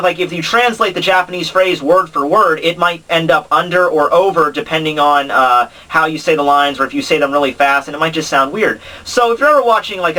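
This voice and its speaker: A man's voice: on the high side, sharp tone. A young man casually explaining anime dubbing, rambling with many fillers and restarts. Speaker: anime commentary vlogger. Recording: voice a bit distant from the mic.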